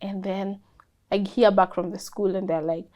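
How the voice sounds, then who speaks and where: A young woman, a guest in an interview, telling a personal story in a lively way and acting out what people said. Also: mid-range voice, moderate pace. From Kenya. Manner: animated storyteller, acts out quoted dialogue.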